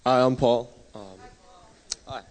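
A man's voice: medium pitch, little pitch movement, takes it slowly, slight background noise. Hesitant man testifying in a reverberant hall. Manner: hesitant, many "uh"s, laughs lightly. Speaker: mission trip member giving testimony. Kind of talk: church testimony. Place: church sanctuary.

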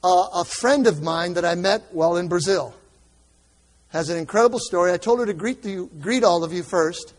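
A male pastor with a notably high voice speaks straight to his congregation in a friendly, direct way. His voice carries a long hall reverb. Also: moderate pace. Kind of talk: sermon.

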